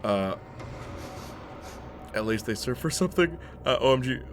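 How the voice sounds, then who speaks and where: A man's voice: mid-range voice, expressive, moderate pace, noisy background. A young man chatting casually as a streamer while reacting to a movie, rambling and slangy, laughing often.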